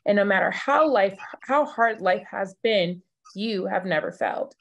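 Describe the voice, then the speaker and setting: A woman reads a list of affirmations in a steady, earnest voice. Her pitch sits in an everyday middle range. She keeps an even reading rhythm throughout. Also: unhurried, gravelly, lo-fi sound. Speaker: cast member.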